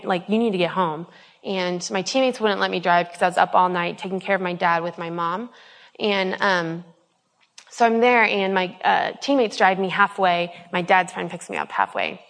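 Her voice is on the low side, gravelly and a bit bright, as this woman in her twenties earnestly rambles through a personal testimony of faith. She keeps restarting and saying um, and the sound carries a long hall reverb.

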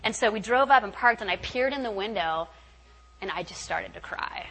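Bright-voiced woman sharing a testimony. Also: medium pitch, moderate pace, gravelly, poor audio. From California. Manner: candid, animated storytelling with filler words. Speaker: retreat speaker. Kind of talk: personal testimony talk. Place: retreat meeting hall.

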